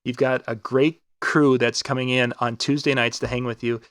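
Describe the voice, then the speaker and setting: A man's voice: mid-range voice, level tone, normal speed, fairly bright tone, no room sound, studio quality. Upbeat rambling man on a live stream. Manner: rambling, restarts and fillers, upbeat promo talk. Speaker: co-host of a live DJ web show. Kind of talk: casual live-stream chat.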